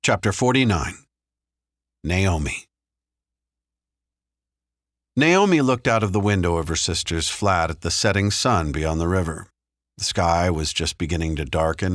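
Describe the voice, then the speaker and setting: A man reads a thriller audiobook in a measured, steady narrating voice. His voice is extremely deep. The studio sound is close and dry, with no room echo. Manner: measured, even storytelling. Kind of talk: scripted narration.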